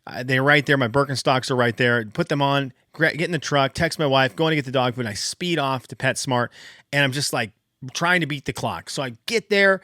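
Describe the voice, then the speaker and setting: A man in his thirties, a podcast host, telling a casual story in an animated, exasperated way with big jumps up in pitch for emphasis. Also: a little fast, no echo, studio quality.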